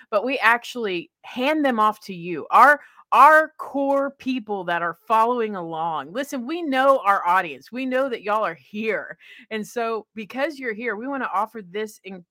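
A woman's voice: medium pitch, bright, forceful tone, dry recording. A woman hosting a podcast in casual, bubbly chat, laughing often and poking fun at herself. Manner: bubbly, laughing, self-deprecating. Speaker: podcast host.

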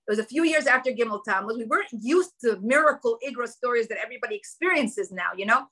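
A woman's voice: on the high side, animated, fairly quick, few pauses, a bit bright, rough recording. A woman telling a personal story at a women's gathering, emotional and quoting her own inner thoughts, with religious Jewish vocabulary.

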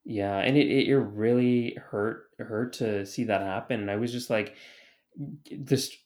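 A man's voice: on the low side, fairly even intonation, unhurried, a little mellow. A man co-hosting a podcast, telling a story in casual chat, rambling with lots of fillers, restarts and swearing. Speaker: podcast co-host.

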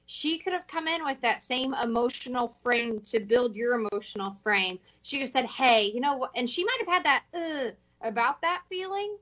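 A woman's voice: on the high side, animated, normal speed, hardly any pauses, fairly bright tone, rough recording. A woman co-host in a casual talk show chat, reflecting at length on a story.

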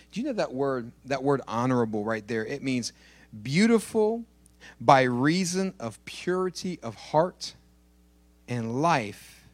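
A pastor preaching a sermon in church, joking with the congregation and repeating key phrases for emphasis. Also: male voice, mid-range voice, fairly bright tone, dry recording.

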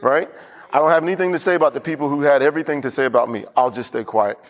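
A man's voice: medium pitch, racing. A male pastor preaching a loose, unscripted sermon, full of restarts, asides and repeated phrases.

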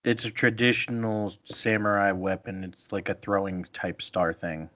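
Male co-host, low voice, dry sound; short laid-back interjections. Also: moderate pace, a bit bright, no room sound. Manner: brief, low-key interjections. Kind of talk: casual chat.

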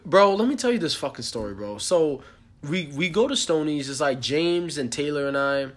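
A young man casually telling a story on a podcast, animated and profane, acting out the people he quotes. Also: a little high, moderate pace. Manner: animated, swears a lot, acts out quotes. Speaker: podcast co-host.

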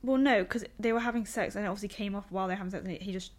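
A woman's voice: medium pitch, steady tone, racing, darkish tone. A woman co-hosting a podcast in casual chat, emphatic and incredulous, reading out listener stories. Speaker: podcast co-host.

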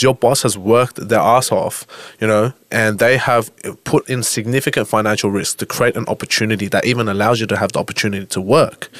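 A young man with a western-Sydney Australian accent talks fast and bluntly on a podcast, swearing freely and counting off his points. His voice sits low, and the sound is dry and close. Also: no room sound. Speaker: podcast guest, entrepreneur. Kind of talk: candid podcast conversation.

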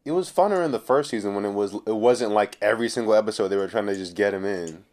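A young man chatting casually on a podcast, skeptical and deadpan, often trailing off quietly. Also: fairly low pitch, fast talker. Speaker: podcast co-host.

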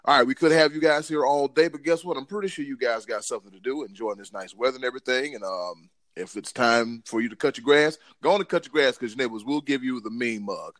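A man's voice: medium pitch, quick pace, hardly any pauses, a bit bright, dry recording. A man hosting a casual sports podcast, hyped up, slangy and self-mocking. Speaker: podcast host.

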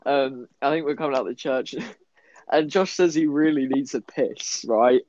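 A man's voice: mid-range voice, normal speed, darkish tone, dry recording. A young man from the of England, co-hosting a podcast and chatting through funny stories, with stammered restarts and laughs. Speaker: podcast co-host. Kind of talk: casual storytelling chat. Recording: dull lo-fi dry recording.

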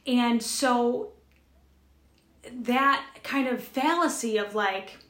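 A woman's voice: a little high, extremely slow, roomy sound. A woman co-hosting a spiritual chat show, telling a personal story in an earnest, rambling way with many restarts. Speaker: podcast co-host.

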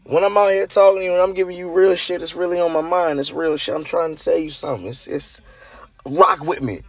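A man with a hoarse, groggy voice, hosting his own show and telling a story in casual chat, swinging between loud hype and murmurs. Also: a little high, a little fast, no echo. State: hoarse, lost voice. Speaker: show host.

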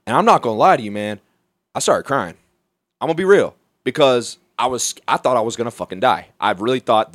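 A young man from Alabama telling a wild story in casual talk, profane and animated, often laughing. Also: medium pitch, brisk, no echo, clean studio sound.

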